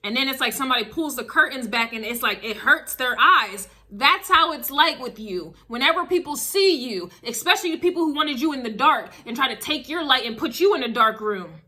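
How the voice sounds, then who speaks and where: A woman's voice: high-pitched, lively intonation, fairly quick, few pauses, bright, forceful tone. A woman doing a casual spiritual reading to camera, emphatic and driving her points with repeated phrases. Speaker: tarot reader.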